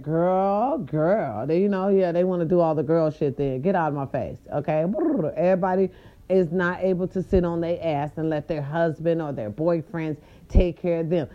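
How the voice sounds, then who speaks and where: A woman hosting a podcast, telling a story in a casual, sassy way and swooping her voice up high for emphasis. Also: normal speed, highs cut off. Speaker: podcast host.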